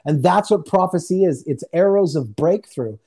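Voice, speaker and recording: A man, a guest minister on a video call, telling a testimony in a lively, joking way and acting out the quotes. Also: on the high side, normal speed, breathy edge. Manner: animated, joking, acts out quotes. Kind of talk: casual storytelling testimony. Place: home in Houston. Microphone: remote video call.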